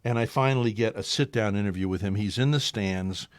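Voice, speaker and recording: Here the local talk radio host's voice sits fairly low and moves a little fast, captured in studio quality without echo. He rambles through an anecdote in relaxed chat, lively and animated, voicing the other people in the story.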